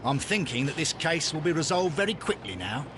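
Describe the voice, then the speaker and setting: An actor playing a smug male police inspector, talking in a brisk, self-satisfied way. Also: on the high side, sing-song, noisy background.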